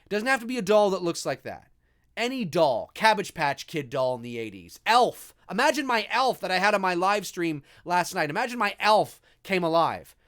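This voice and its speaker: Man, host, live movie commentary, enthusiastic, rambling, a little high, lively pitch. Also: moderate pace.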